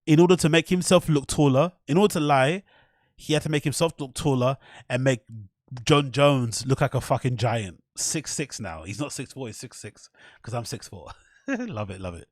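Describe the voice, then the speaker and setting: A man rambles through his podcast, swearing freely and laughing at his own mock threats. His voice sits at an ordinary pitch. The sound is close and dry. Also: expressive, normal speed, dry recording. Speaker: podcast host. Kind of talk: casual rambling commentary.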